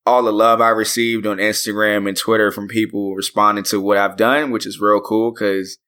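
A man's voice: fairly low pitch, level tone, moderate pace, pushed and bright, clean tone. A man in his twenties co-hosting a podcast, casually talking about speaking on a panel. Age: 20s. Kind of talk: casual chat.

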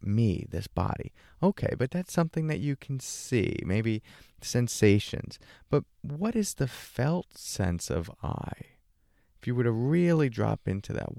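A man's voice: lowish voice, gravelly, warm tone, no echo, studio quality. A man giving a reflective spiritual talk as a meditation teacher, asking questions and voicing a listener's doubts in a raised tone.

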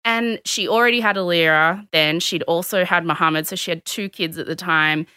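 Bright-voiced Australian woman telling stories. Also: on the low side, normal speed, clear, resonant tone, no room sound. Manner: animated, acts out quotes of others. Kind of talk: casual storytelling chat.

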